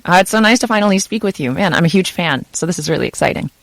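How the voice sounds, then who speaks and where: Woman, audiobook narrator, casual interview chat, gravelly voice, lots of fillers. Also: lowish voice, expressive, racing, no echo. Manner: chatty, filler-heavy with frequent "kind of" and "you know".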